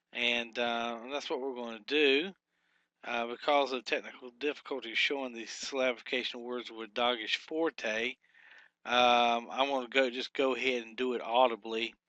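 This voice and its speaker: Bright-voiced man teaching a grammar lesson. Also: mid-range voice, no room sound, muffled recording. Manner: halting, many fillers, sounds out syllables slowly. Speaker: Hebrew teacher.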